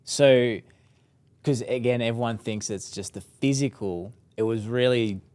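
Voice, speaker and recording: Smooth, dry-voiced male host. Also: mid-range voice, no echo. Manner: gentle listener, halting questions with restarts. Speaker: podcast host. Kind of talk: interview questions.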